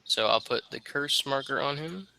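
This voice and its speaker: A man's voice: medium pitch, normal speed, vocal fry, sharp tone, no room sound, rough recording. A man narrating as game master of a tabletop game, describing the scene with lots of fillers.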